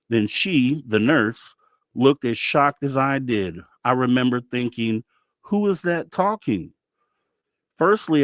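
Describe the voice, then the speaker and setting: Man, talk show host, reading news aloud, mid pitch, stumbles and self-corrects, dry close sound. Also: no echo. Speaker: podcast host.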